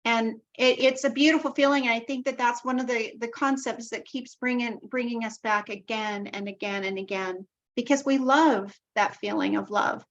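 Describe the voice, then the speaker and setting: A woman's voice: on the high side, fairly even intonation, normal speed. A woman hosting an online group call, talking casually and repeating loving affirmations. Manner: warm-hearted, repeats herself, loving affirmations. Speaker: call host. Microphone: video call. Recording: dull lo-fi video call audio.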